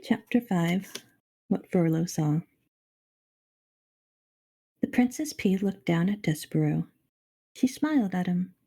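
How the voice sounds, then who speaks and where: Woman reading a storybook aloud, mellow dark tone, expressive, middle-aged. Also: fairly low pitch, takes it slowly, long pauses, husky. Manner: expressive, addresses the reader directly, self-deprecating asides. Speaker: storybook reader on a charity stream. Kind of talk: reading a children's novel aloud.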